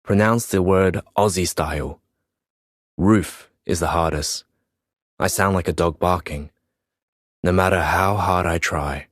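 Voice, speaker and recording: Very deep, slow man narrating. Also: fairly bright tone, dry recording, clean studio sound. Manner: weary, reflective storytelling. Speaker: audiobook narrator. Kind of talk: first-person audiobook narration.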